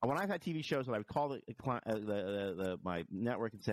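Guy with a lowish voice, tv writer type, tells stories and does the voices of people he quotes. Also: fast, hardly any pauses. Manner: animated storyteller, acts out quoted dialogue. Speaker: TV writer and producer. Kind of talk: casual conversation.

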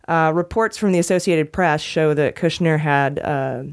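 A woman's voice: deep voice, moderate pace, clear, resonant tone. Wry woman podcast host. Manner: wry, laughs often while talking. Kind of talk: casual news chat.

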